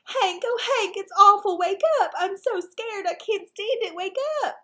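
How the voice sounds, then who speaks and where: A woman voicing a timid, jittery young male ranch dog with a high, anxious voice. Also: big pitch swings, measured pace. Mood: panicked.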